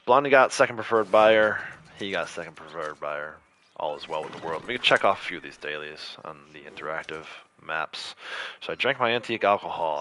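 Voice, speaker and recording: A man's voice: on the low side, pushed and bright, slight background noise. A man chatting casually while streaming a game, rambling loosely between stories and laughing often. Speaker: streamer and youth softball coach. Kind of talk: casual livestream gameplay commentary.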